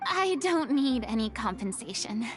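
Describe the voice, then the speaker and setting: A grandiloquent former stage diva. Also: female voice, a little high, very animated, moderate pace. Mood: reflective. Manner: theatrical, flowery and dramatic. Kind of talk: video game voice acting.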